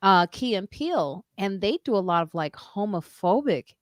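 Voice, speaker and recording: A woman co-hosting a podcast, chatting casually and telling stories with lots of laughter. Her voice sits at an ordinary middle pitch. The sound is close and dry, with no room around it. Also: normal speed, dry recording. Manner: animated storyteller, laughs often. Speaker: podcast co-host.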